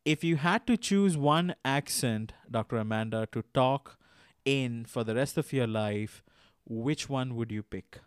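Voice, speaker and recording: A man hosting a podcast interview, friendly and laughing often, with halting restarts as he asks his questions. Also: mid-range voice, clear, resonant tone, no room sound, studio quality. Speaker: podcast host.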